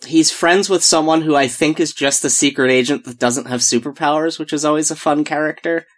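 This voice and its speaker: A man's voice: on the high side, a little fast. A man co-hosting a podcast, chatting in a laid-back, rambling way. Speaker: podcast co-host. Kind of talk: casual chat.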